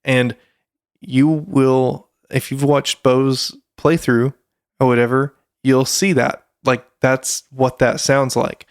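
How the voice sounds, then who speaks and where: A man's voice: mid-range voice, level tone, takes it slowly, dry recording, clean studio sound. A man, co-hosting a casual podcast, rambling with fillers and restarts. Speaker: podcast co-host.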